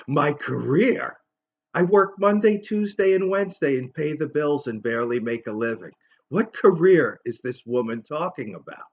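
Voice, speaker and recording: A man's voice: on the high side, expressive, unhurried, breathy edge. A man in his fifties telling a long, rambling story in a casual monologue. He acts out other people's voices as he tells it. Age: 50s. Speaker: vlogger. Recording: dull lo-fi recording.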